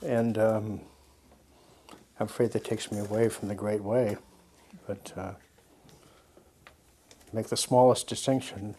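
A man telling a personal story to a group in a reflective, conversational way, often restarting his sentences and laughing softly. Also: fairly low pitch, flat delivery, slightly rough. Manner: halting and self-correcting, with frequent soft laughs; musing and conversational. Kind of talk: reflective spoken talk with anecdote.

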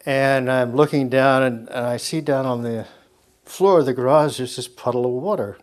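Speaking to a listening group, a man reflects aloud on a personal story, often restarting and correcting himself and letting out soft laughs. His voice is at a typical middle pitch for a man, and his manner is halting, musing, and conversational.

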